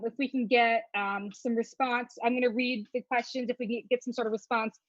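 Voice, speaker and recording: A woman's voice: a little high, fairly bright tone, dry recording, lo-fi sound. A woman hosting a live-streamed comedy debate, upbeat and giggly, with lots of fillers. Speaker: host.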